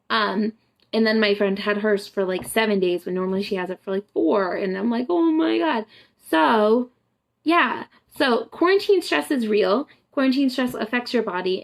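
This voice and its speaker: A woman's voice: fairly high pitch, gravelly. A young woman from the United States, a boudoir photographer chatting casually and profanely on a live stream, laughing often and acting out quotes. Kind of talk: casual livestream chat.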